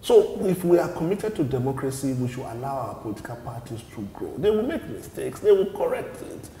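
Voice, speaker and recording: A man representing a party speaks in an interview, his voice dark, mellow and even in pitch. He explains carefully and calmly, repeating words when he restarts, in a room with long, echoey reverb.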